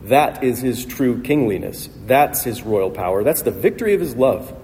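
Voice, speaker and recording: A man's voice: medium pitch, animated, normal speed, a little mellow. A male pastor preaching a sermon with emphatic, repetitive rhetorical phrasing, recorded in a church hall. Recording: long hall reverb, faint noise.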